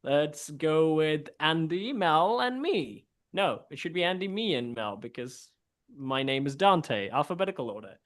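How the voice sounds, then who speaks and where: A man's voice: fairly high pitch, big pitch swings, measured pace, fairly bright tone. A man hosting an online improv game in a costume persona, playful and laughing, over a video call. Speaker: improv host.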